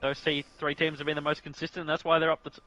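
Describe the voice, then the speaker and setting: Bright-voiced, chatty man commentating racing. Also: a little high, monotone, rapid-fire, rough recording. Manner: chatty and jokey, keeps saying "mate". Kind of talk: casual sim racing commentary.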